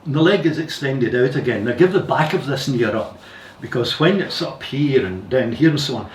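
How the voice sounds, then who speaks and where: A man teaching yoga, giving calm, careful step-by-step guidance with repeated warnings to go slowly. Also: medium pitch. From Scotland. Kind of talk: guided yoga instruction. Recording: echoey room, distant mic, faint hiss.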